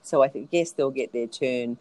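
A low-pitched woman chatting loosely with a friend. She rambles, circles back and speaks her mind with casual swearing. Her tone is relaxed and unscripted. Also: moderate pace, dry recording, poor audio. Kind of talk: casual reality-TV gossip chat.

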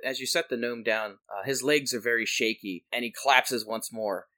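Deep-voiced woman game master. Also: pushed and bright. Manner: descriptive, measured. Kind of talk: narrating a tabletop game.

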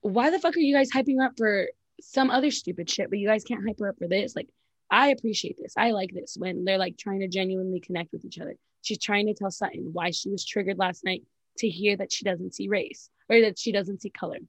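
A young woman in casual chat, giving blunt, animated, profane commentary. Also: medium pitch, a little fast, no room sound. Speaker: podcast co-host.

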